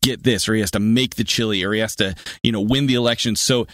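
A man being interviewed as an actor guest, talking in an animated way with frequent restarts and easy laughter. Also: lowish voice, quick pace, no echo, studio quality. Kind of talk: casual interview answers.

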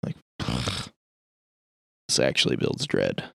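A man co-hosting a casual movie podcast, slow and jokey, swearing often. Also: very deep voice, creaky, fairly bright tone, breathy edge, dry recording, studio quality. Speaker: podcast co-host. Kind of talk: casual movie review chat.

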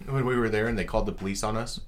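A man's voice: on the low side, steady tone, slight background noise. A young man in casual chat, joking and telling stories with friends. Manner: quick, joking storyteller.

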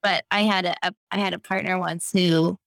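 A woman as a podcast guest in casual chat, explaining things slowly and thoughtfully. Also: lowish voice, steady tone, fairly bright tone, no room sound.

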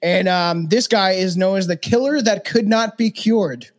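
High-voiced laughing Canadian podcast host. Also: male voice, unhurried. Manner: laughs often, loose and profane. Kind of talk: casual chat.

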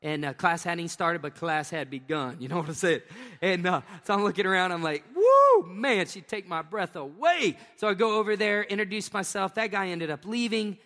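A middle-aged pastor with a high-sitting, sharp, steady voice preaches a sermon a little fast, telling stories with joking asides and laughing at his own jokes. A large hall adds long reverb.

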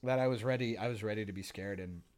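A young man co-hosting a casual podcast chat, telling stories in an animated, profane way and acting out his own reactions. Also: fairly low pitch, quick pace. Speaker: podcast co-host.

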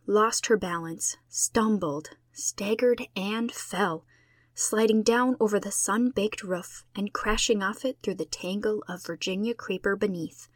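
A woman reading a classic novel aloud in a measured, expressive storybook narration. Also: mid-range voice, no room sound. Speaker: audiobook reader.

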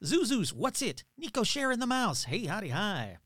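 A man hosting a paranormal podcast in a casual, upbeat, rambling way, reading off playful shout-outs. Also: high-pitched, big pitch swings, normal speed, dry recording, studio quality. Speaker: podcast host. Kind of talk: casual chat.

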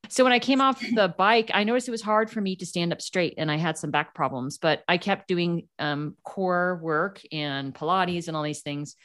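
A woman's voice: on the low side, moderate pace, few pauses. A woman guest in a casual chat, animatedly telling a personal story with lots of fillers and acted-out quotes. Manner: animated, acts out quoted voices, frequent fillers.

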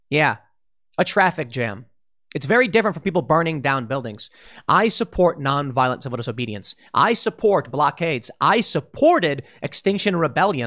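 A man giving opinion commentary, talking emphatically and acting out quoted remarks in a raised voice. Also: a little high. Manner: animated, emphatic, with restarts and quoted asides. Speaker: political commentator.

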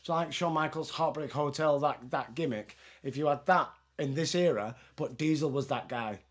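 A man's voice: a little high, normal speed, breathy edge. A man, co-hosting a casual podcast, blunt and sweary, arguing his point. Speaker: podcast co-host.

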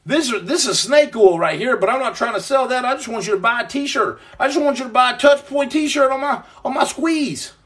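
A man hosts a casual livestream podcast, reading viewer comments aloud and riffing on them with jokes. His voice sits notably high for a man. He rambles happily, tossing out playful nicknames. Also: lively intonation, brisk, few pauses, a bit bright. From United States.

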